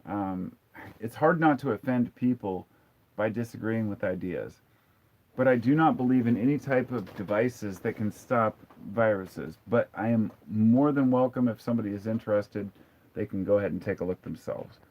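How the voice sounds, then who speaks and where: A candid man in his forties hosts a relaxed live stream, his voice sitting a little low. He talks bluntly and reads viewers' comments aloud. The sound is dull and lo-fi. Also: normal speed. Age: 40s. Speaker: livestream host. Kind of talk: casual live-stream chat.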